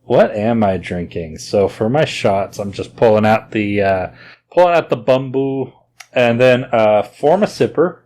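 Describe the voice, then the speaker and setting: A man's voice: mid-range voice, lively intonation, measured pace, a little mellow. A man with a slight Oklahoma twang hosting a podcast in easygoing, rambling casual chat. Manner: rambling, easygoing, many fillers. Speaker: podcast host.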